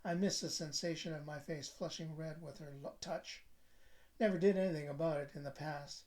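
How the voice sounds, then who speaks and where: A man reading aloud from his own novel in a measured, reflective narrating voice. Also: on the high side, steady tone, a little mellow. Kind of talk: book reading.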